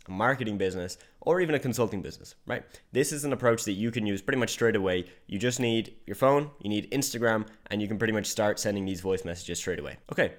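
A male business coach delivering an online lesson in a frank, conversational way. He speaks with a slightly low voice. He deliberately moves his tone up and down and leans on key words. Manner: direct, emphatic, conversational, varied tonality. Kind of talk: online course lecture.

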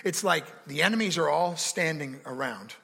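A man's voice: a little high, lively intonation, moderate pace, creaky, bright, forceful tone, slightly rough, long reverb tail. A man preaching a sermon as pastor, with rising emphasis and dramatic quoted voices, recorded in a church sanctuary.

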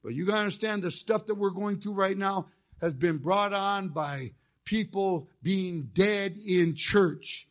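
Male chaplain, fiery call-and-response preacher, high voice, folksy and joking. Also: a little slow. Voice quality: folksy storytelling with jokes. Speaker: chaplain preaching as guest speaker. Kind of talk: sermon.

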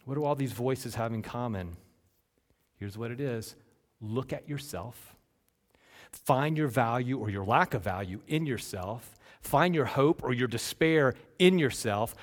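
Pastor guy preaching a sermon, gets loud then drops way down soft, lots of rhetorical questions, long echo like a big hall. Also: mid-range voice. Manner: animated preaching, swings between loud emphasis and hushed lines. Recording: long reverb from a large hall.

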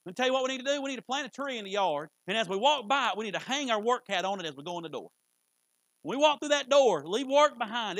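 A man preaching in a high, bright-edged voice, folksy and conversational, now and then jumping into loud bursts. The sound is close and dry, with little room around it. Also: animated, fast talker, no echo, poor audio. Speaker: pastor. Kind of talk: sermon. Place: church sanctuary.

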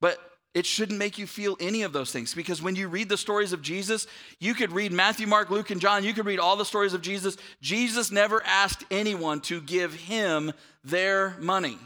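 Bright, animated man preaching. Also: high-pitched, moderate pace. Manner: conversational, animated, asks the room "right?". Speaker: pastor. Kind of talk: sermon. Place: church auditorium with audience.

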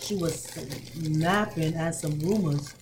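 A woman's voice: deep voice, slow, over loud music. A woman co-hosting a podcast, chatting animatedly and laughing often while eating. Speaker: podcast co-host. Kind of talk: casual chat while eating.

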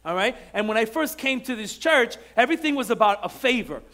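Very high-pitched, bright and forceful, this male pastor preaches in church a little fast and with animation. His sermon swings between chatty stories riddled with restarts and emphatic lines he repeats.

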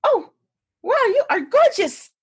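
A woman voicing a tipsy, flirtatious Swedish woman in a put-on Swedish accent, pitched high and sing-song. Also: big pitch swings, unhurried, heavily acted. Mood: flirty tipsy.

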